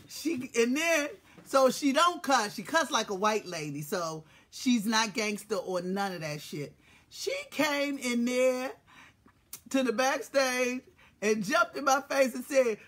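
Live-stream host, husky tone, mid-pitched, cussing banter, loud hellos mixed with murmured asides. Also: animated, takes it slowly. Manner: swings from quiet asides to loud shouted greetings; profane, joking banter. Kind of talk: casual live-stream chat.

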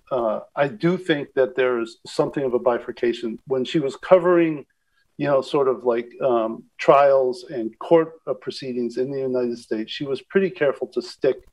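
A man's voice: mid-range voice, a little mellow. A man, a guest on an interview show, speaking thoughtfully, hedging often and restarting his sentences. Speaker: guest media critic. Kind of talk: conversational interview.

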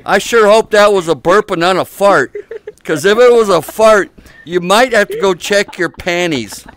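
A man's voice: high-pitched, normal speed, fairly bright tone. A man giving casual joking commentary while chatting in a social VR game room, teasing strangers with crude banter through a headset mic. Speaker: VR chat YouTuber.

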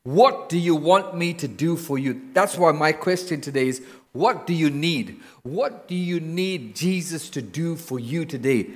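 Male preacher, sermon, slightly high voice, unhurried and emphatic, long hall reverb. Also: lively intonation. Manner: slow, emphatic, rising to loud exhortation. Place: church.

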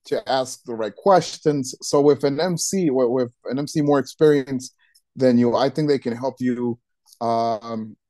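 A man who works as a wedding DJ and MC, giving advice in a casual podcast chat, halting and restarting his sentences often. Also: mid-range voice, a little mellow, no echo. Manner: halting, with many restarts and repeated words.

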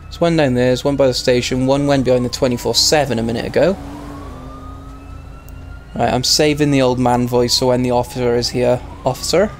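A man with a hoarse, strained voice, chatting casually while streaming a game role-play. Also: mid-range voice, steady tone, fairly quick, slight background noise. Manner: chatty, laughs at himself.

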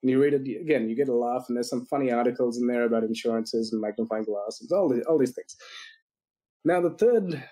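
A man on a podcast tells a client story with energy, slipping into little acted-out voices for the people he quotes. His voice is warm and dark in tone, with a breathy, husky edge. He laughs easily as he goes. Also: medium pitch, quick pace, rough recording. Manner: animated storyteller acting out quotes; laughs often. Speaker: business consultant guest.

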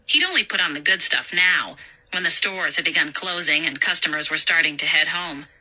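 A woman narrating a suspenseful horror story in a measured storytelling voice. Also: sits low, expressive, sharp tone, poor audio.

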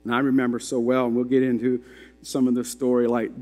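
A man preaching into a microphone in a church, his voice carrying a long hall reverb. He tells the story in an emphatic, conversational way and keeps turning to the congregation with questions. His pitch is mid-range for a man. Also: completely flat delivery, fairly quick, darkish tone. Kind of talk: sermon storytelling. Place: church sanctuary. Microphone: handheld or stand microphone.

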